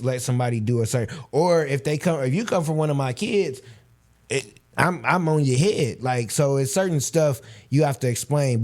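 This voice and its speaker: A man, hosting a casual interview and telling stories with lively quoted voices. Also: mid-range voice. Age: 30s. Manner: animated storytelling, acts out quoted voices. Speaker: podcast host.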